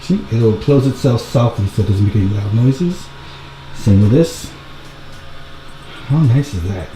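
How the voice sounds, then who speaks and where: Hushed low-key man on a house tour. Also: expressive, a little slow. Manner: hushed, low-key, trying to stay quiet. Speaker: vlogger giving a house tour. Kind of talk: casual vlog tour. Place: inside a rental house. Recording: roomy indoor sound with background music.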